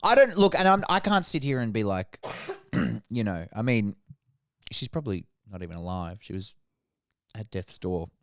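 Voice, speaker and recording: Lively man telling stories. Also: on the low side, normal speed, pauses often, no room sound, studio quality. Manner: animated, crude jokes, acts out voices. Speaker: podcast co-host. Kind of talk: casual chat, comic storytelling.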